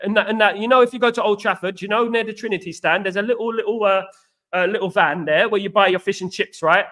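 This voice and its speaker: Animated man, bright voice. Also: high voice, fast. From East London, England. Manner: animated, repetitive, chatty storyteller. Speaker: fan channel host. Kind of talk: live-stream fan chat reading comments.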